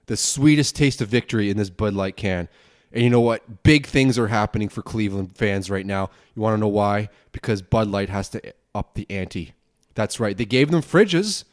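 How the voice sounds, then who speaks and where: A man's voice: on the low side, normal speed. A young man hosting his own podcast alone, ranting angrily with plenty of swearing and rambling asides. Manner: angry, profane, rambling rant. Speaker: podcast host.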